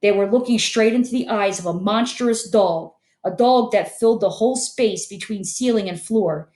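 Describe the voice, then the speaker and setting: A woman narrating an audiobook in steady storytelling. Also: medium pitch, normal speed, reverberant. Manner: steady storytelling, many character voices. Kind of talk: scripted narration.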